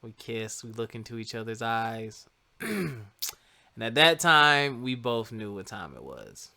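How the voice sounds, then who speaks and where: Male podcast host, 30s, bright tone, casual self-mocking storyteller. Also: medium pitch, sing-song, takes it slowly. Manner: laid-back, chatty, jokes at himself.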